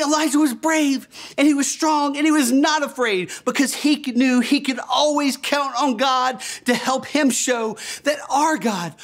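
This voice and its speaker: A man's voice: very high-pitched, fairly bright tone. A man telling a Bible story to young children, enthusiastic and gasping, leading them in call-and-response.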